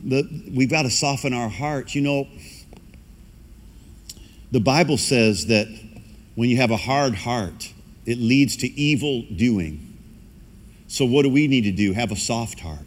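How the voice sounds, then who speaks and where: A male pastor preaching a lively sermon, acting out quoted voices as he goes. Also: medium pitch, measured pace, pauses often. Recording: long hall reverb.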